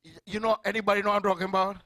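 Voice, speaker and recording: High-pitched preacher with Trinidadian accent. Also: male voice, rapid-fire, dry recording. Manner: animated, storytelling, calls to the congregation. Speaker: pastor. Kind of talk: sermon.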